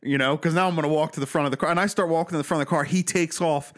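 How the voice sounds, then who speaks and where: A man's voice: fairly high pitch, rapid-fire. A man co-hosting a podcast, telling a story in casual chat, indignant and profane. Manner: lively, indignant storytelling full of swearing. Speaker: podcast co-host.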